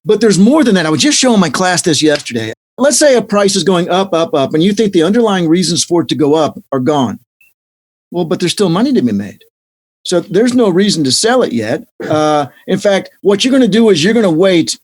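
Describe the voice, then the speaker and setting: A man in his fifties, an economics professor, answering interview questions as an animated storyteller who acts out quotes. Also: sits high, a little fast.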